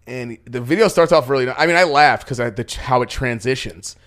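A man's voice: medium pitch, fairly quick. Young podcast guy, cussing, laughing, telling stories all loose. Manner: swears a lot, laughs, animated storytelling. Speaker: podcast co-host. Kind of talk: casual podcast banter.

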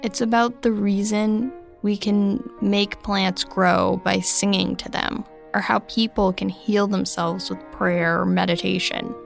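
A young woman narrating a scripted first-person story in a slow, reflective way. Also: mid-range voice, steady tone, gravelly, faint music behind.

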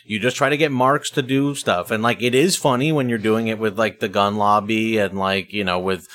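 A man's voice: fairly low pitch, fairly even intonation, normal speed, a bit bright. Man rambling through a comedy critique. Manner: rambling and analytical, with many fillers. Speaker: podcast panelist, comedy writer. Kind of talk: casual comedy podcast chat.

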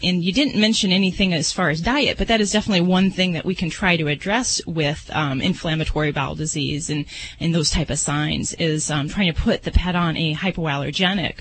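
A man's voice: a little high, fairly even intonation, brisk, a bit bright, slight background noise, low-quality recording. A man acting as a veterinarian co-host, explaining advice to a caller in a methodical way with frequent ums. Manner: methodical, many fillers.

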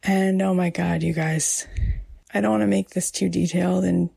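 A woman hosting a podcast, talking softly and emotionally, often dropping almost to a whisper. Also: fairly low pitch, fairly even intonation, moderate pace, creaky, slightly rough, dry recording. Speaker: podcast host. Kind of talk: personal podcast monologue.

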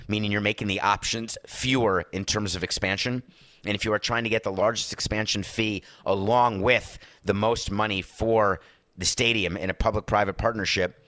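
A man's voice: fairly low pitch, pushed and bright, no room sound. A male podcast host giving sarcastic sports business commentary, often acting out the people he quotes.

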